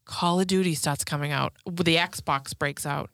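Woman, thirties, podcast host, chatty storyteller, bright and forceful, slightly low, dry close sound. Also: unhurried, no room sound. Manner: frank and profane, acts out quotes. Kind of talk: casual storytelling chat.

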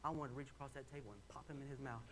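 A man's voice: medium pitch, racing, a little hiss or hum. A young man preaching in a church, telling a personal story in a candid, conversational way and building to emphatic points. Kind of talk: sermon. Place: church sanctuary.

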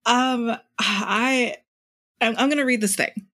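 Bright, sharp-voiced podcast co-host, dry mic. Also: mid-range voice, fairly even intonation, dry recording. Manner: laughs easily, reads notes aloud haltingly. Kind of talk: casual comedic chat.

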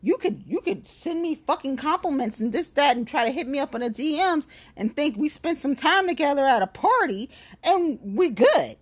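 A woman unloads in a heated, profane rant, blunt and emphatic. Her voice sits on the higher side and swings widely up and down as she presses her points. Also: expressive, moderate pace. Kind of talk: angry venting rant to camera.

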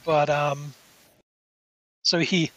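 A man runs a tabletop game, describing the scene in halting, filler-heavy narration. His voice is high and bright, with a sharp edge. The sound is dry and close, with no room around it. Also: flat delivery, no echo, poor audio. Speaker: game master.

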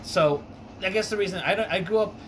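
A man from Alaska chats loosely on a podcast, trailing off into fillers and dropping curses as he goes. There's a clear hiss of noise under the recording. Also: high voice, fairly quick. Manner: rambling, profane, many fillers and restarts. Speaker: podcast co-host. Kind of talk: casual podcast chat.

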